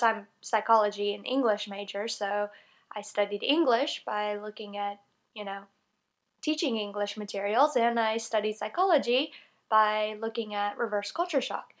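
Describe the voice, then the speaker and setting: A woman's voice: fairly high pitch, a bit bright. Chatty young woman with a Southern accent. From North Carolina, USA. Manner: chatty and rambling, many fillers and self-corrections. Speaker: English teacher on exchange program. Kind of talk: casual vlog talk.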